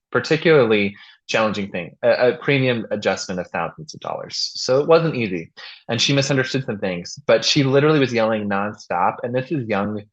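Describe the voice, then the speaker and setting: A man hosting a podcast, telling stories in a casual, animated way and acting out the voices of people he quotes. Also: fairly low pitch, muffled recording. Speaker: podcast host. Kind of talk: casual chat and storytelling.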